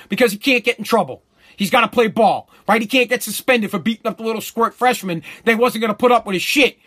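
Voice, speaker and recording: A man's voice: extremely high pitch, fast, bright, forceful tone. A middle-aged man, hosting a show and telling a profane story bluntly, with many restarts. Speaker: show host.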